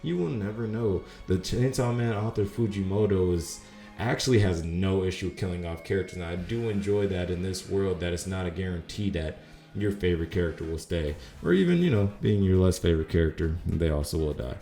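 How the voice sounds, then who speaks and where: A man's voice: low voice, a little fast, warm tone, echoey room, faint music behind. A man casually reviewing an anime in a laid-back, slangy, rambling way with lots of fillers. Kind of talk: casual video commentary.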